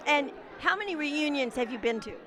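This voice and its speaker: A woman's voice: sits high, animated, a little fast, a crowd in the background. A woman in her sixties interviewing guests on a red carpet at a class reunion, effusive and teasing. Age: 60s. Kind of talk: casual event interviews.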